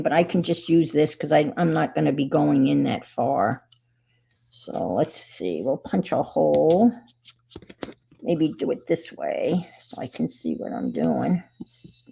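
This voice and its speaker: A woman's voice: low-pitched, vocal fry, mellow, slightly rough. A middle-aged woman hosting a casual crafting stream, rambling cheerfully with self-deprecating asides. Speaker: crafting livestream host. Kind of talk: casual craft demonstration chat.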